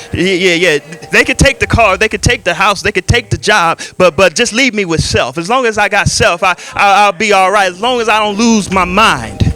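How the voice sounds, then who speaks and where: A man preaching to his church in a high, ringing voice, punchy and energetic. He calls out to the congregation, repeats phrases for effect and slips into folksy quoted voices, while soft music plays faintly underneath. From Southern California. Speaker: pastor. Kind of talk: sermon.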